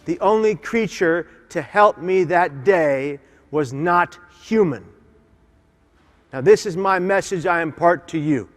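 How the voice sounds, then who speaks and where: Impassioned high-voiced man speaking in a reverberant hall. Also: slow pace, faint music behind. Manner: impassioned, emphatic, leads audience call-and-response. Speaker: keynote speaker. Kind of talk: motivational keynote speech. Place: large conference hall. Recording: long hall reverb from conference hall.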